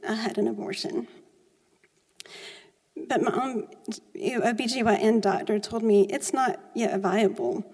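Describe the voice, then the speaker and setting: A middle-aged woman reading out her personal testimony to a church, emotional and soft-spoken, close to tears at times. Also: a little high. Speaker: church member giving a testimony. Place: church sanctuary. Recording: long reverb of a church hall.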